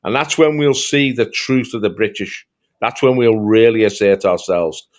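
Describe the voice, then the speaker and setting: A man's voice: lowish voice, normal speed. A man making an emphatic, rallying political address as a party speaker.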